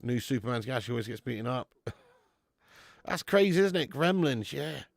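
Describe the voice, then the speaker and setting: A young man with a gravelly, fry-edged voice hosts a live football stream and reads out the chat. His pitch jumps up and down as he talks, casually and with plenty of swearing. The recording is dry and close, with no room sound. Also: lively intonation, moderate pace, dry recording. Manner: swears freely, laughs often, calls viewers mate. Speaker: watch-along host reading live chat.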